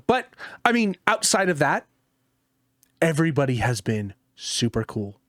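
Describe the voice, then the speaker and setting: A man's voice: a little high, very animated, unhurried, fairly bright tone, no room sound, studio quality. A man co-hosting a podcast, chatting casually about games, laid-back, laughing often and swearing. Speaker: podcast co-host. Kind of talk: casual gaming chat.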